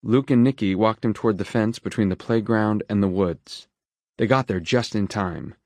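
Male narrator, lowish voice, dry close studio sound, steady reading. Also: moderate pace, no room sound. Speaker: audiobook narrator. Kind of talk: scripted narration.

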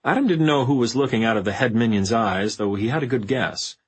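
A man narrating a fantasy audiobook in a measured, even storytelling manner. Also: mid-range voice, slightly rough, rough recording. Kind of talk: scripted narration.

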